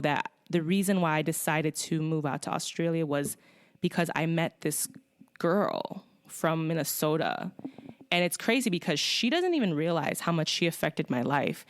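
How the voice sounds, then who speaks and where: Recorded with studio quality and no room sound, a low-voiced woman hosts a podcast at a moderate, animated pace. She rambles casually, curses freely, and uses lots of filler words.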